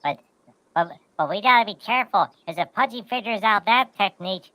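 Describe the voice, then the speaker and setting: A man's voice: high-pitched, a little fast, bright, forceful tone, no echo, low-quality recording. A man co-hosting a casual podcast, telling rambling stories and repeating words as he goes. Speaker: podcast co-host. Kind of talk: casual chat.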